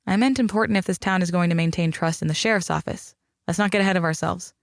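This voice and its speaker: A man voicing a sharp, wry young woman coroner in an audiobook, with dry, teasing banter. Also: high voice, quick pace, creaky, dry recording.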